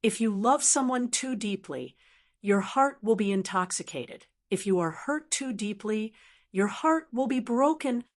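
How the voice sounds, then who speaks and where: A woman narrating a fantasy novel audiobook in a steady storytelling voice. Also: fairly high pitch, measured pace. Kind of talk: scripted narration.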